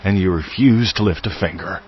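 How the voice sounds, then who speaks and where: A man's voice: low voice, moderate pace, dull audio, a little hiss or hum. A man hosting a podcast, teaching in a loose, playful way with wordplay and asides. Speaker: podcast host. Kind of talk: casual spiritual teaching monologue.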